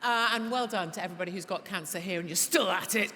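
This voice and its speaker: A woman talking as a podcast guest before a live audience, impassioned and swearing, laughing, and rising to shouts. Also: medium pitch, quick pace. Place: large church hall before a live audience. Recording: echoey hall with audience noise.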